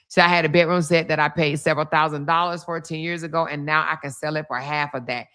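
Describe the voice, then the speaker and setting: A woman hosting a casual livestream, with a fairly low but bright, forceful voice. She talks bluntly and profanely and mocks freely. She hammers a point home by saying the same word again and again. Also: steady tone, a little fast, clean tone. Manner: repeats words for emphasis. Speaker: livestream commentary host.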